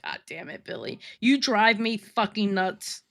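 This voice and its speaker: A woman's voice: mid-range voice, sing-song, a little slow, creaky, a bit bright, no echo, clean studio sound. A woman co-hosting a casual livestream chat, blunt and complaining, swearing heavily. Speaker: co-host.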